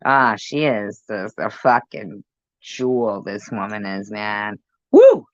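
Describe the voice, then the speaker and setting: A woman's voice: rumbling low, steady tone, slow pace, a bit bright, no room sound. A middle-aged woman giving casual reaction commentary in a profane, joking, rambling way. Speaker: video commentator. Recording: dull lo-fi sound.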